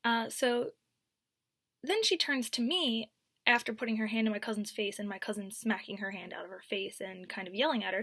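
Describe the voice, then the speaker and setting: A young woman telling a storytime vlog, animated, dropping to whispers and then rising to loud bursts. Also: on the high side, fairly quick, no room sound, studio quality. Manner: animated, swings from whispers to near-shouts. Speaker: vlogger.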